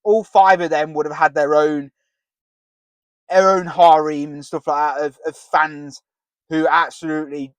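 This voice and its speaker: Through a headset with an earpiece, a man in his thirties co-hosts a casual podcast chat in a slightly high voice, delivered flatly and a little slowly. Even so, he's jokey, laughs often, and sings snippets of songs. The sound has no echo.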